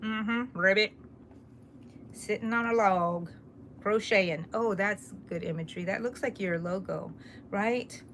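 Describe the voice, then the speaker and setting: A middle-aged woman with a mid-range voice and a moderate pace hosts a casual crochet live stream. She chats, reads viewer comments aloud, and laughs often, with slight background noise in the recording.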